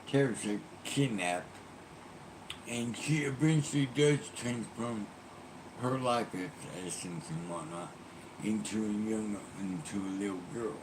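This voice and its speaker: A man's voice: lowish voice, a little hiss or hum, low-quality recording. A man streamer casually retelling a game's plot, rambling with frequent ums and restarts.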